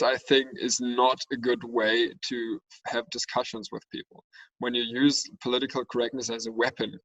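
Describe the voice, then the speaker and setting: A man's voice: medium pitch, a bit bright, no room sound, far from the mic, low-quality recording. A man co-hosting a podcast, talking earnestly in casual discussion and often searching for his words. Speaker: podcast co-host.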